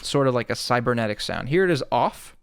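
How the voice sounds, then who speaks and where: Soft music plays behind a creaky, animated mid-range male voice moving at a fairly quick clip. He's a music producer explaining sound design in a laid-back way, full of "sort of," near a studio mic.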